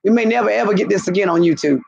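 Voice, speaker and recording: A woman's voice: medium pitch, racing, vocal fry, a little mellow, husky. A woman hosting a casual live stream, rambling and gossiping with lots of profanity. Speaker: channel host. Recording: muffled lo-fi recording.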